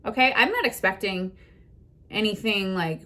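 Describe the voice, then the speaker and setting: Sitting in a car, a young adult woman who creates content rants defiantly at her phone camera, heated and swearing constantly. Her mid-range voice is bright and forceful, with lively intonation and a moderate pace.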